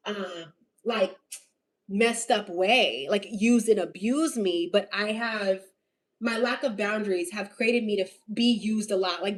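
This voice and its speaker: Earnest woman livestreaming, slightly distant mic. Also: a little high. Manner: earnest, rambling, confessional. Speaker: livestream host. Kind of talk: candid personal livestream talk. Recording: voice a little far from the mic.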